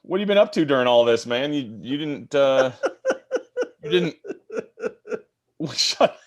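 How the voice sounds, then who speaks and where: A man's voice: mid-range voice, expressive, unhurried, muffled recording. A man co-hosting a casual video-call chat, steering the talk with questions and light teasing. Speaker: podcast co-host.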